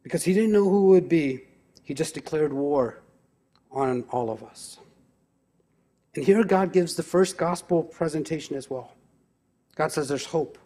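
Preaching pastor with a mellow voice. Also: male voice, a little high, unhurried, long pauses. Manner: preaching with emphatic rhetorical questions. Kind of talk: sermon. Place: church.

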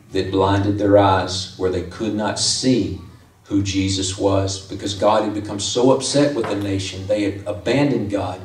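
A man's voice: on the low side, darkish tone. A man preaching a conversational sermon as pastor, lifting his voice to stress key points. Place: church sanctuary. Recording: echoey room from far off.

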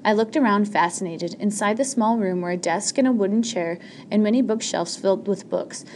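A woman's voice: medium pitch, brisk, a little mellow, slight background noise. A woman narrating an audiobook chapter in the first person, reading steadily with a few small slips.

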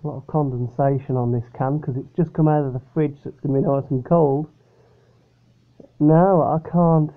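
A man's voice: a little high, steady tone, normal speed. A young man casually reviewing a beer at home, rambling and chatty and often correcting himself. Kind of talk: casual product review vlog. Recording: tinny phone-like recording.

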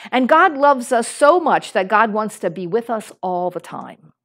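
A middle-aged woman pastor preaching in a relaxed, conversational manner. Her voice sits fairly high and moves freely up and down. She pauses on fillers and restarts her sentences as she talks. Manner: acts out a small boy's lines in a higher voice when telling a story. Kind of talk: sermon.

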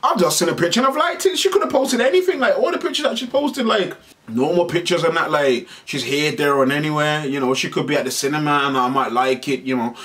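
A man hosting a vlog, telling a story in an animated, slangy way and swearing freely. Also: fairly high pitch, fast talker. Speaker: vlog host. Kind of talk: casual storytelling monologue. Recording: voice a bit far from the mic.

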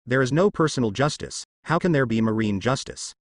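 A man's voice: medium pitch, expressive, brisk, dry recording, studio quality. A man voicing a righteous young male navy rear admiral who speaks in firm, reproachful speeches.

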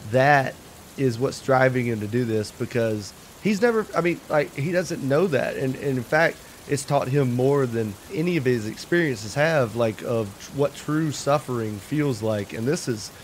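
A man playing in a tabletop game, explaining his character's motives in rambling, animated casual chat. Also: medium pitch, unhurried, a little hiss or hum. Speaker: player.

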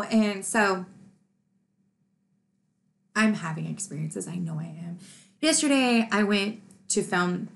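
A woman's voice: medium pitch, a bit bright. A woman YouTuber in her thirties talking emotionally to her viewers, laughing through grief. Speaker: true crime YouTuber. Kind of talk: personal vlog talk to camera.

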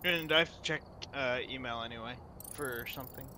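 A man joining a game stream as a guest, chatting in a relaxed way and swearing casually. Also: mid-range voice, a little fast, slight background noise. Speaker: guest player. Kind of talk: casual chat while gaming.

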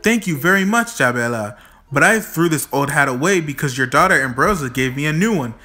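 A man's voice: on the high side, animated, a little fast, sharp tone, soft background music. A man reading a storybook aloud, voicing a fussy old man who frets and talks to himself. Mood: fretful. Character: fussy old man, fond of his hat.

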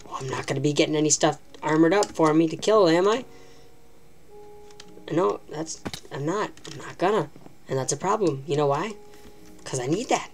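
A woman's voice: low voice, normal speed, long pauses, darkish tone, soft background music. A woman giving live, self-mocking commentary while playing a video game, talking to herself as she plays. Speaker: gaming channel host.

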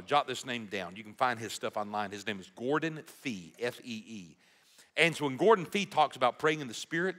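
Guy preaching, bright voice, pitch all over the place, lots of emphasis. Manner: animated, emphatic preaching with rhetorical questions. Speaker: pastor. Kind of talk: sermon.

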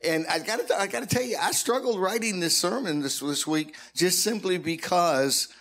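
Man pastor in church, casual and joking, voice a touch high. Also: moderate pace, a bit bright, a little hiss or hum. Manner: joking, conversational, addresses the congregation directly. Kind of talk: sermon.

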